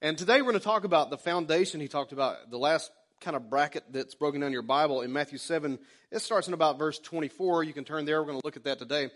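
Man, forties, folksy pastor, chatty sermon, slightly high voice. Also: fast talker, few pauses, fairly bright tone. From Oklahoma. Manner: folksy, conversational preaching with acted-out asides.

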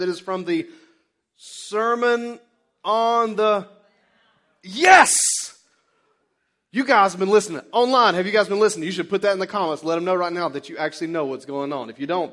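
A man's voice: sits high, brisk, a bit bright. A male pastor preaching in a casual, conversational way, telling a personal story and drawing the congregation into back-and-forth. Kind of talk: sermon. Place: church sanctuary.

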